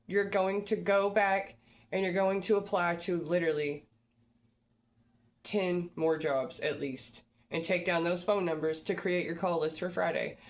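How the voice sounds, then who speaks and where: A woman hosting a motivational advice talk, coaching listeners in a direct, repetitive pep-talk manner. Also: lowish voice. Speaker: job-search advice host.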